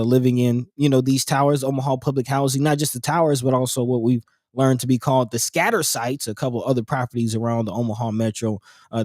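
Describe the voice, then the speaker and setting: A man co-hosting a community talk show, in casual, rambling chat with many fillers and soft laughs. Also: medium pitch, dry recording, clean studio sound.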